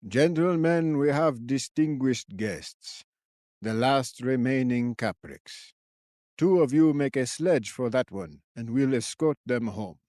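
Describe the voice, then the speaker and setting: Brief: a man playing an odd old woodsman sentry, croaky and cracked, slow and chirpy, dry audiobook read. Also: medium pitch, a little mellow, no echo, lightly acted. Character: wiry old male forest sentry, odd and theatrical.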